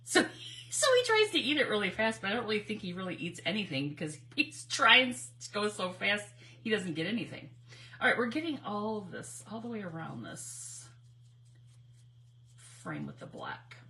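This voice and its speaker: Bright-voiced chatty woman crafting live. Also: medium pitch, very animated, normal speed, low-quality recording. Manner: chatty and rambling, often laughing; greets viewers by name. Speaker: crafting livestream host. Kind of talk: casual chat while crafting live.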